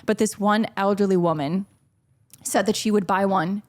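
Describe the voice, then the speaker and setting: A woman's voice: mid-range voice, normal speed. A woman from Miami, a podcast guest, telling childhood stories in casual chat, acting out quotes and laughing often. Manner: animated storyteller, acts out quotes, laughs often.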